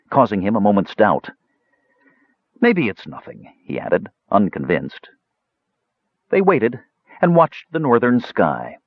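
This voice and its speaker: A man reads a fantasy audiobook with wildly swinging, animated pitch. His voice is low and husky. The recording is dry, dull and lo-fi. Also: no room sound. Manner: highly animated, expressive reading. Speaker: audiobook narrator.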